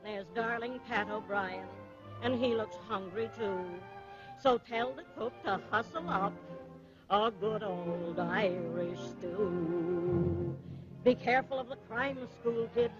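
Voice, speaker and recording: An actress playing a perky head waitress who speaks in rhyming verse. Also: female voice, mid-range voice, takes it slowly, lightly acted. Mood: chirpy. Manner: chatty, gushing. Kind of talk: rhythmic spoken verse over music. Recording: dull old film soundtrack with loud music.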